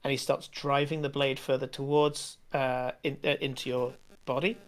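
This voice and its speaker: A man narrating as game master, halting with frequent fillers as he describes scenes. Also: medium pitch, level tone.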